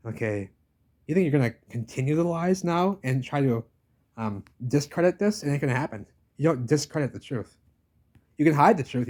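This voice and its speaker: Outdoors in a village, a man with a medium-pitched, somewhat dark voice films a casual walking-tour vlog. He rants insistently at the camera, repeating himself.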